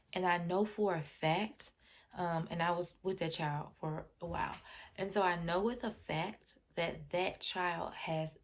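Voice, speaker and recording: A woman hosting her own channel, telling a story in a casual, unhurried way and dropping to a soft near-whisper when quoting herself. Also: lowish voice. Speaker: channel host.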